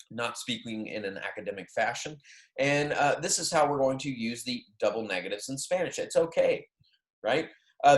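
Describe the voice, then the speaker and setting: A man with a Southern US accent explaining Spanish grammar in a relaxed classroom style, often checking in with his listeners. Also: mid-range voice. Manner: casual, explanatory, checks in with "okay?" and "right?". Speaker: Spanish teacher. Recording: echoey room.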